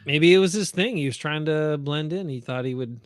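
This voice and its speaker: A man talks sports in a blunt, rambling, opinionated way. His voice sits a bit high for a man. The sound is dry and close, with no room around it. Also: a little fast, clear, resonant tone, no echo. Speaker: podcast co-host. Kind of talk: casual sports chat.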